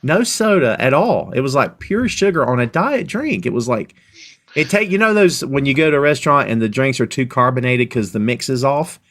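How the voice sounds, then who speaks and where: Lively, animated male podcast host. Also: medium pitch, fairly quick. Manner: animated, voice jumps up when excited. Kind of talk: casual podcast chat.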